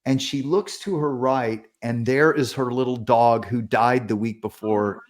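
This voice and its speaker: A man's voice: mid-range voice, a little slow. Earnest man telling stories. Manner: earnest, animated retelling with quoted dialogue. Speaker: author and pastor, interview guest. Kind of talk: storytelling in a podcast interview.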